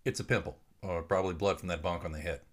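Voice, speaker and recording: A man's voice: low-pitched, fairly even intonation, fast, husky. A man voicing a grumpy, sarcastic sailor nursing a head injury. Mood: cranky, sarcastic. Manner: cranky, sarcastic. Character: grumpy, hurting middle-aged sailor.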